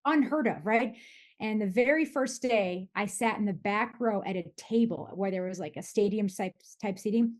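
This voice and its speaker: A woman in her forties from Michigan, a podcast guest chatting casually and telling stories in an animated way, often restarting her sentences. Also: medium pitch, moderate pace. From Michigan, USA. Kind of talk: casual interview storytelling.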